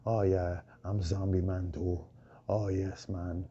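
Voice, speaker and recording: Hoarse deep-voiced preaching man, tinged. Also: flat delivery, slow pace, mellow. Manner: proclaiming, repetitive, rhetorical questions. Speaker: self-styled preacher. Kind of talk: preaching monologue. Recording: dull lo-fi recording with faint noise.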